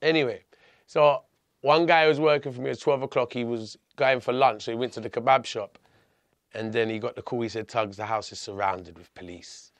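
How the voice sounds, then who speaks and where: A man telling a personal story as a podcast guest, blunt and animated, often restarting his sentences. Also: medium pitch, brisk, no room sound.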